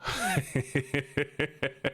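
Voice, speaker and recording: A man streaming live, chatting with viewers in an excitable, chatty way and greeting and thanking them. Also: fairly high pitch, very slow, slightly rough. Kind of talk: casual livestream chat.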